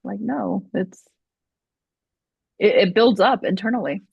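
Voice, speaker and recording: A woman's voice: mid-range voice, unhurried, vocal fry, breathy edge, dry recording, dull audio. A woman co-hosting a podcast, backing her partner up with supportive replies. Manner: supportive listener, affirming with short replies. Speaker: podcast co-host. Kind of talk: casual podcast chat.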